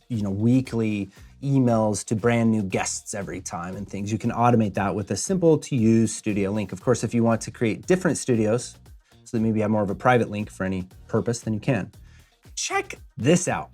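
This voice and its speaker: A man hosting a podcasting tutorial and chatting through a screen-share walkthrough. He keeps it upbeat, with quick jokes, and speaks into a podcast mic. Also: medium pitch, a little mellow. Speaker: host and podcasting instructor. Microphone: podcast mic through a mixer.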